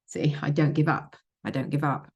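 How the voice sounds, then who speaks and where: Female manifestation coach, low gravelly voice, emphatic and repetitive, casual vlog delivery. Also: fairly even intonation, normal speed. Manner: emphatic, repeats phrases, swears freely.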